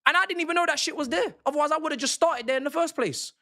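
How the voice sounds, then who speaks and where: A man's voice: extremely high pitch, fast, bright, forceful tone. A young man, a football streamer ranting angrily and with lots of swearing on a live stream. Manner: angry, profane, repetitive ranting.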